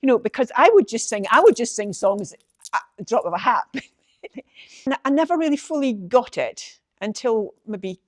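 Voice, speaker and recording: In a fairly high, sing-song voice at moderate pace, an older Ballater woman recites a dialect poem and then tells family stories, her lilting Doric accent from North-East Scotland clear on the dry recording. She is chatty, laughs often and restarts sentences.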